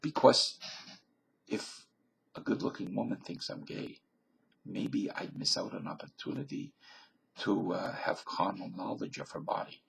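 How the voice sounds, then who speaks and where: A man from Virginia in a rambling comic monologue to camera. He keeps making claims, then says he was just kidding. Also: lowish voice. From Virginia, USA. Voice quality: very gravelly, husky voice that often drops to a breathy near-whisper. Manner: jokey, contradicts himself and then says he is kidding. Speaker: vlogger.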